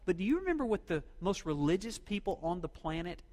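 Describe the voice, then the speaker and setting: A man's voice: high voice, sing-song, fast, a little mellow, in a large hall. A middle-aged man from Oklahoma, a pastor preaching a sermon and drawing responses from his congregation.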